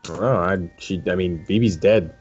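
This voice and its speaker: A man's voice: low-pitched, moderate pace, lo-fi sound, a crowd in the background. A man playing in a tabletop role-play session, chatting casually and rambling with frequent laughs. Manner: laughs often, joking and rambling. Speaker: tabletop game player.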